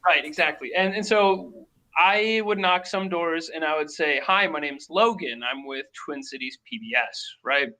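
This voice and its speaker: A man from Minnesota tells stories in loose, casual talk. His voice is bright and forceful, sitting a little high, and he acts out the people in his stories. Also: moderate pace, poor audio. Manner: animated storyteller, acts out quoted people. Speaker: podcast guest. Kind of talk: casual storytelling.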